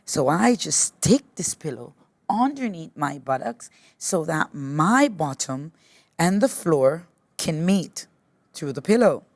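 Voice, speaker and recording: Calm woman yoga instructor, lower register, talks students through poses slowly and encouragingly. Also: dry recording. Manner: slow, patient step-by-step cueing; gently encouraging. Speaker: yoga teacher. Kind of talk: guided yoga class instruction.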